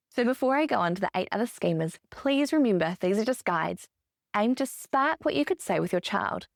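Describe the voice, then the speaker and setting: A woman hosts a solo parenting podcast at a middle pitch. She talks in a coaching tone and brightens her voice when she models phrases for parents. The sound is close and completely dry, with no room around it. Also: animated, normal speed, creaky, no room sound. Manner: warm coaching tone, lifts her voice for example phrases. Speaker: podcast host.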